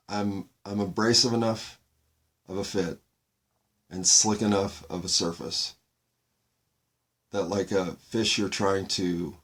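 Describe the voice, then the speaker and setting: A man hosting a solo podcast, talking in a slow, halting way as he searches for words, his voice breaking with tears. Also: lowish voice. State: tearful, voice breaking. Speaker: podcast host. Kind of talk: reflective solo monologue.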